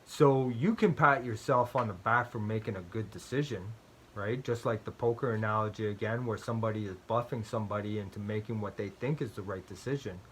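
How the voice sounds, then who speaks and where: A man's voice: fairly low pitch, brisk, slight background noise. A man hosting a strategy game channel, explaining play in a chatty, self-deprecating way with personal stories, often ending his points with "right?" and repeating phrases for emphasis.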